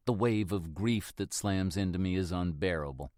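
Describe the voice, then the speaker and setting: A man narrating a first-person mystery audiobook in a steady, reflective manner. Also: low-pitched, moderate pace, hardly any pauses, no room sound, clean studio sound.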